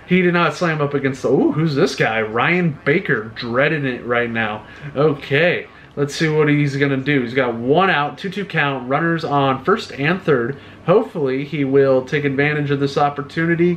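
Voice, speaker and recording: A man giving live commentary on his own video game play, excitable and talking to himself, groaning at misses and cheering at hits. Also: a little high.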